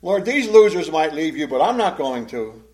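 Man voicing a headstrong fisherman disciple: emphatic, insistent, voice swinging high. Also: big pitch swings, moderate pace. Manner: pleading and emphatic. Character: earnest, impulsive adult male fisherman disciple.

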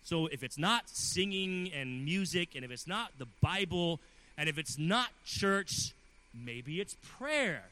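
A man in his thirties preaching a sermon, earnest and building from quiet passages to loud emphasis. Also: a little high, animated, slow, low-quality recording. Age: 30s.

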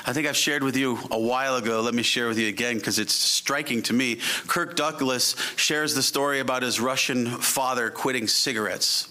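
A man preaching an evening sermon and leading a closing prayer, emphatic and drawing out key phrases slowly. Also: medium pitch, steady tone, pushed and bright. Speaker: pastor.

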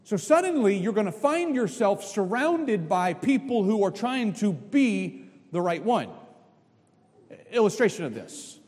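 Man, pastor, sermon, middle-aged, emphatic, high-pitched, long hall reverb. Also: sing-song, measured pace. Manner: emphatic preaching with sudden swings in loudness.

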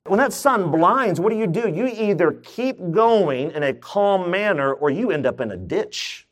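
A man's voice: high voice, a little slow. Guy pastor preaching, fun and chatty, keeps quizzing the church. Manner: lively, jokey preaching with questions to the congregation. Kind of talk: sermon.

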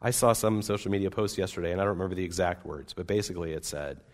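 A man preaching a sermon as pastor, earnest and emphatic, with wide swings between loud and soft. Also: low voice, fairly even intonation, very fast. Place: church sanctuary. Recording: long reverb of a church hall.

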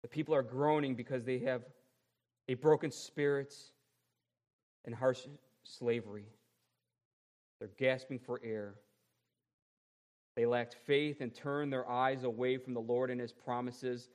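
A man preaching a sermon as a pastor, drawing out repeated phrases and moving between loud stresses and quiet asides. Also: mid-range voice, fairly even intonation. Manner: emphatic, drawn-out repeated phrases, shifting between loud and soft.

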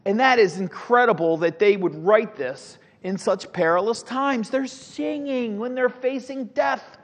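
High-voiced man teaching Bible class. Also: measured pace. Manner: animated, repetitive restarts, rhetorical questions. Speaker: Sunday school teacher. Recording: dull lo-fi sound with long hall reverb.

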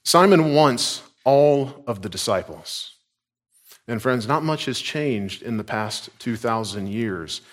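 A man from Georgia preaching a sermon. He talks in an earnest, emphatic way and lets his lines drop low and soft at the ends. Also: animated, slow.

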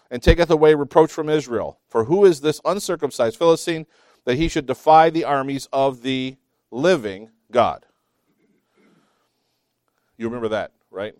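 A man teaching a Bible class, reading scripture slowly with emphasis between chatty asides and small self-laughs. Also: on the high side, a little mellow, dry recording, studio quality.

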